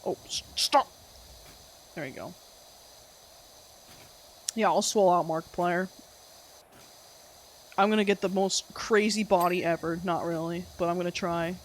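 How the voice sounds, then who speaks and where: A woman's voice: lowish voice, fairly even intonation, normal speed, pauses often, slight background noise. Young woman, streamer, casual gaming chat, giggly, teasing.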